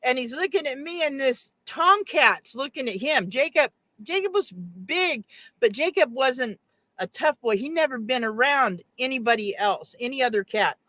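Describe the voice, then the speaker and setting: A woman guest telling a story with animated flair, her voice bright and forward. The sound is dry and close, with no room around it. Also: high-pitched, moderate pace, no room sound. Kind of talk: casual chat.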